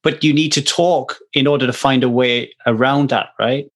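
A man's voice: medium pitch, steady tone, normal speed. A man hosting a podcast, talking frankly and casually, with loose everyday swearing. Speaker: podcast host.

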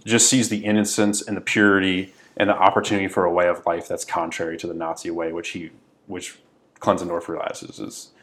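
Deep voiced guy on a movie podcast, goes thru scenes in detail, really earnest. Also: little pitch movement, a little fast, fairly bright tone. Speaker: podcast co-host. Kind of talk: casual movie discussion.

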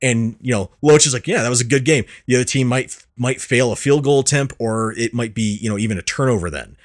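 A man's voice: medium pitch, fast. A young man co-hosting a podcast, telling stories in casual chat, laughing often and swearing. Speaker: podcast co-host.

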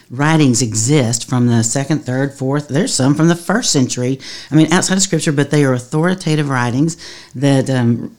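A woman's voice: a bass voice, a little mellow. Brief: woman pastor, podcast teaching, earnest and chatty. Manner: earnest, conversational, laughs often.

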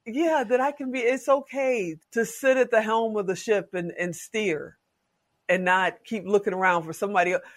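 A woman in her late fifties, a podcast guest talking in a casual interview as an expressive, folksy storyteller. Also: medium pitch, normal speed. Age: 50s.

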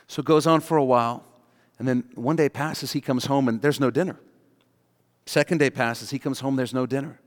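A man's voice: mid-range voice, fairly quick. Male pastor, emphatic sermon delivery, mid-range voice, long church-hall reverb. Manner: emphatic storyteller, leans hard on key words.

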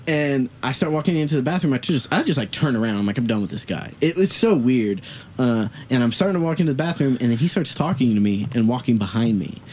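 A man's voice: medium pitch, lively intonation, fast, a little mellow, a little hiss or hum. A young man hosting a podcast, telling a rambling story and swearing as he acts out the voices of people in it. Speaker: podcast host. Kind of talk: casual storytelling.

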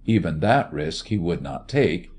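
A man narrating a story in a measured, expressive reading voice. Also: low-pitched, breathy edge. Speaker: audiobook narrator.

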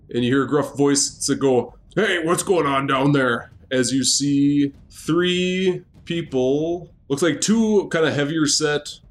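A man's voice: mid-range voice, slight background noise. A man running a tabletop game as game master, narrating casually with many fillers.

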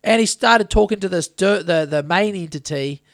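A man's voice: high voice, normal speed, gravelly, no echo, clean studio sound. A man hosting a podcast, telling a rambling story in casual chat, swearing often. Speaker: podcast host.

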